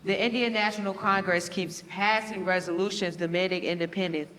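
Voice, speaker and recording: A scornful, old-fashioned uncle lectures in a dismissive tone. The sound is roomy and echoey with a long reverb tail. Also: male voice, sits high, steady tone, brisk, bright, forceful tone. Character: conservative older Indian uncle, scornful.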